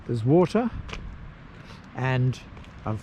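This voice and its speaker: A man narrating a casual travel vlog outdoors at a campsite, unhurried and rambling with pauses and fillers. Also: medium pitch, big pitch swings, dark tone, a little hiss or hum. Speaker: travel vlogger.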